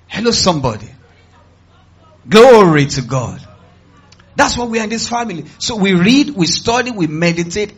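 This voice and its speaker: A male pastor with a Nigerian accent delivering a sermon in church, emphatic and call-and-response, swinging from quiet asides to loud cries. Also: sits high, husky, lo-fi sound.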